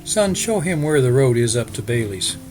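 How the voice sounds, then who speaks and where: A man voicing a brisk, matter-of-fact middle-aged frontier farm mother. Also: mid-range voice, sing-song, music in the background, lightly acted.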